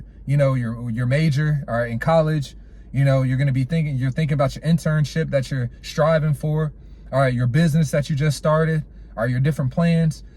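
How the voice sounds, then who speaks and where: A man's voice: a little high, a little mellow, a little hiss or hum. A man preaching an informal sermon, quoting scripture and telling street stories, filling his talk with "all right" and "man". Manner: casual slangy storytelling.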